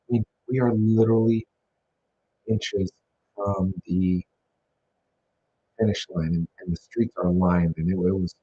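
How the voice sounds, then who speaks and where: An enthusiastic man with a fairly low voice talks through a slideshow of event photos in a loose, rambling way, full of fillers and asides. The recording sounds dull and lo-fi, with a faint hiss underneath. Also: mellow. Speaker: organizer narrating event photos. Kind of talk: casual photo slideshow commentary.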